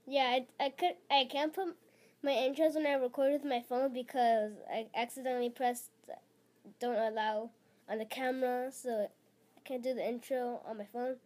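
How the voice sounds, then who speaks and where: A woman's voice: high voice, fairly even intonation, a little mellow. A woman making a reaction video, rambling casually with many fillers and giggles. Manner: halting, filler-heavy, giggly.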